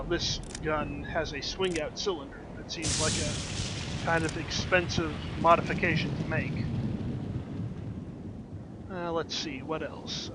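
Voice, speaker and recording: A man's voice: fairly high pitch, very noisy. A man talking through a video game as he plays, chatty and wry, with lots of ums and uhs. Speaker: streamer. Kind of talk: let's play commentary.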